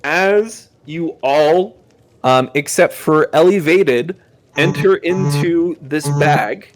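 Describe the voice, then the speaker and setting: A man narrates a tabletop role-playing game as its game master. His voice sits a little high, and he pauses often with fillers and repeated words while he describes the scene. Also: a little hiss or hum. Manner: hesitant, filler-heavy narration with many restarts.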